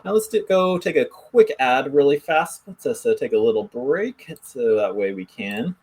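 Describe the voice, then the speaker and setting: Guy rambling thru news, kinda husky, voice jumps around a lot. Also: mid-range voice, animated, normal speed, a little mellow. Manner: loose, rambling, restarts when reading. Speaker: crypto news host. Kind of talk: casual news commentary.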